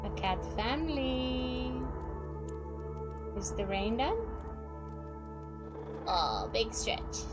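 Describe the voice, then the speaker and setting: A woman's voice: on the high side, animated, drawn-out words, pauses often, over loud music, poor audio. A woman giving playful, goofy let's-play commentary, full of silly made-up words and sound effects. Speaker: gaming video creator.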